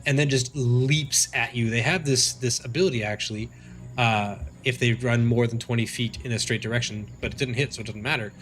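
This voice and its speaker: A man's voice: mid-range voice, fairly bright tone. Rambling male game master. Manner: loose, rambling, lots of fillers. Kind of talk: narrating a tabletop game.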